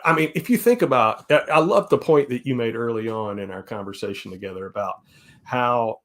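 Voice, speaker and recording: A man's voice: mid-range voice, animated, a little fast, fairly bright tone. A man in his forties with a Southern US accent, chatting casually on a live stream in an easygoing, rambling way. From South Carolina, US. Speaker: guest host.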